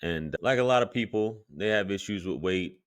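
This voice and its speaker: A man comments on a video clip in a low voice, offering blunt opinions directly to his audience. The recording is dry and close, with no room sound. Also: expressive, normal speed, smooth, no room sound. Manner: opinionated, addresses viewers directly. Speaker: reaction commentator. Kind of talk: reaction commentary.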